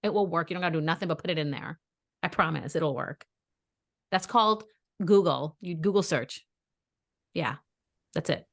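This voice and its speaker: A woman co-hosting a casual podcast. She is a mother and talks bluntly, giving animated opinions and telling stories. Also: low-pitched, normal speed, pauses often. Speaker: podcast co-host. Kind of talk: casual chat.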